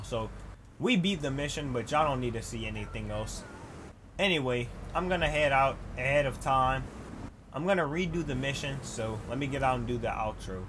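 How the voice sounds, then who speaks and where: A man's voice: medium pitch, a bit bright, a little hiss or hum. A man casually commentating his own gameplay, loose and chatty with laughs and sudden outbursts. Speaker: gaming YouTuber.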